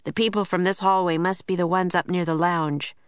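A woman's voice: fairly low pitch, steady tone, fairly quick, clear, resonant tone, dry recording, close to an everyday voice. A woman reading a story, voicing a young boy who is cautious and earnest. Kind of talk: audiobook character voice.

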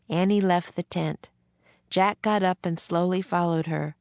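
A woman reading a children's book aloud in a gentle, measured way. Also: lowish voice, fairly even intonation, dry recording. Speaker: narrator.

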